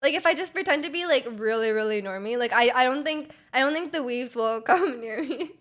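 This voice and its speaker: A woman's voice: high voice, expressive, fairly quick, fairly bright tone. A young Canadian woman streaming live, chatting casually with her viewers, giggling and rambling with many restarts.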